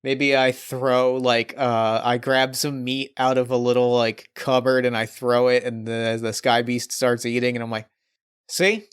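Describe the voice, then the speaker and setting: A man's voice, smooth and resonant, heard in casual tabletop storytelling. He thinks aloud as he floats scene ideas tentatively, at a middling pitch. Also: little pitch movement, normal speed, few pauses. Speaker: tabletop role-play player.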